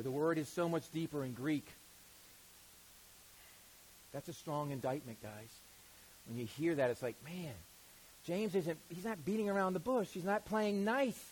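Captured on a rough recording, a male pastor preaches using rhetorical questions. He stretches key words for emphasis and tends to fall quiet and low in the middle of a point.

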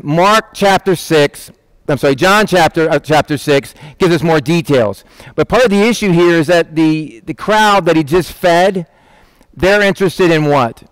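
Middle-aged guy preaching, chatty and animated, slightly high voice, dry close mic. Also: no room sound. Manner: animated, conversational preaching with acted-out quotes. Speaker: pastor. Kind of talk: sermon.

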